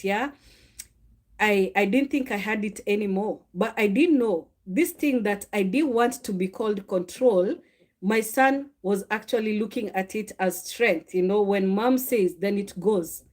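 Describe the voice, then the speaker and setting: Animated woman testifying. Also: mid-range voice. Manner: animated, confessional, acts out quoted dialogue. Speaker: mother sharing a faith testimony. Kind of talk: personal faith talk, storytelling.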